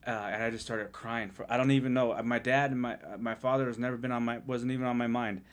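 A man's voice: medium pitch, fairly even intonation, quick pace, clear, resonant tone. A man sharing an earnest personal testimony in casual podcast chat, often restarting his sentences. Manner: earnest, heartfelt storytelling with frequent restarts.

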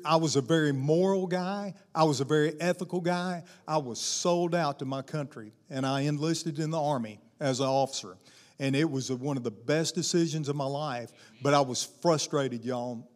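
A man preaching a sermon as a pastor, telling a story and addressing the congregation as "y'all", rising loud for emphasis and dropping to slow, hushed lines. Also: on the high side. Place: church sanctuary. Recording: long hall reverb.

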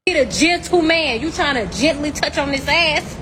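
A man's voice: very high-pitched, normal speed, bright, forceful tone, slight background noise, pitched above the performer's own voice. A man putting on the voice of a demanding young woman who lectures her date in a brash, profane way. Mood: bossy.

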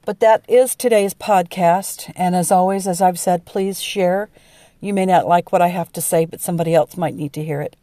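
A woman's voice: on the low side, steady tone, moderate pace, mellow, dry recording. A woman hosting her own podcast, speaking outdoors by a lake and giving an earnest, inspirational reflection. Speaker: podcast host. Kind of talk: spoken reflection.

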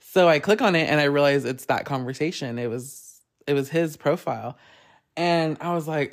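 Animated podcast host telling a story. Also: medium pitch, normal speed. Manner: animated, laughing often, swears freely. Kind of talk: casual solo podcast storytelling.

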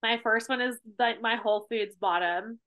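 A woman guest in a casual podcast chat, telling a story in an animated way with many fillers like "like". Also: a little high, moderate pace. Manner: animated storytelling, heavy use of "like".

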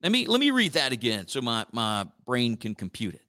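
A man's voice: medium pitch, huge pitch swings, brisk, pushed and bright. A man hosting a morning radio show, chatting in a rambling, joking way and slipping into playful robot voices. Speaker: radio host.

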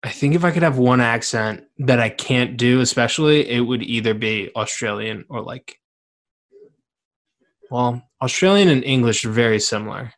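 A man's voice: medium pitch, moderate pace. A young man co-hosting a casual chat, jokey and teasing. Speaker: podcast co-host.

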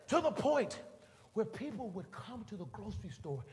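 A male preacher tells a story in an animated sermon, acting out scenes and rising to shouts at the peaks. His voice sits high for a man and swings widely. The sound carries a long hall reverb over faint room noise. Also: normal speed, a faint crowd.

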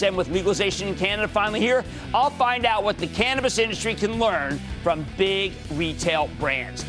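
A man in his sixties with a Pennsylvania accent hosts a market call-in show, emphatic and prone to sudden shouts. His voice sits high and leaps all over the place. Faint music runs underneath. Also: a little fast, few pauses. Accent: Philadelphia-area American. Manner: excitable, shouting bursts, emphatic. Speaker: TV finance show host. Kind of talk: energetic market commentary and call-in.

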